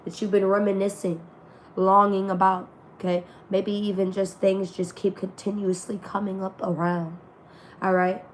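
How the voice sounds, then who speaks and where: A woman's voice: medium pitch, level tone, moderate pace, slight background noise. A woman reading tarot for her viewers in a casual, slangy and profane way, with a voice that is still healing. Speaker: tarot reader. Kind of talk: spiritual reading to an online audience.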